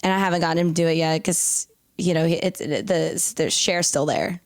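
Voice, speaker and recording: A woman's voice: sits low, normal speed, a little mellow, no echo, clean studio sound. A woman comedian talking as a podcast guest in casual chat, often quoting herself and others playfully.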